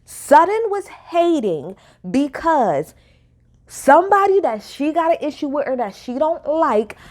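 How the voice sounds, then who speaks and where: A woman's voice: high voice, sing-song, measured pace, darkish tone. A woman recapping a reality show in a sassy, ranting vlog with heavy cursing. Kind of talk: casual recap commentary.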